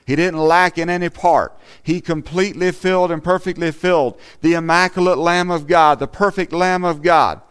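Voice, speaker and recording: Earnest man preaching in a smooth voice. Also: on the high side, fairly even intonation, moderate pace, hardly any pauses, a bit bright. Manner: earnest, conversational, with frequent "you know". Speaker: lay preacher. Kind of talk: sermon. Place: church.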